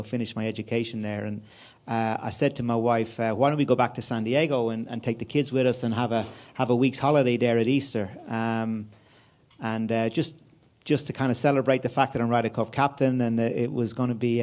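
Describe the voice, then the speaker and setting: A man's voice: medium pitch, darkish tone. An Irish man in his fifties telling a story as a guest at a conference, chatty, with many fillers and restarts. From Ireland. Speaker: guest speaker. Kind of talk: anecdotal conference chat. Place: conference room before an audience.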